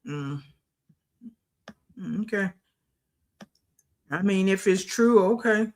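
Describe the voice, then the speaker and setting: A woman's voice: mid-range voice, lively intonation, takes it slowly, a little mellow, a little hiss or hum. A woman hosting a reaction livestream, scolding bluntly, repeating phrases for emphasis and greeting her live chat. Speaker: livestream commentary host.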